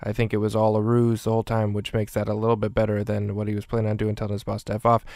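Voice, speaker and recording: Fast-talking gravelly man recapping a film. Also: fairly low pitch, completely flat delivery, darkish tone, no echo, studio quality. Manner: casual, rambling, many "uh" fillers. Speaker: movie reviewer. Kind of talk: minute-by-minute film recap and rating.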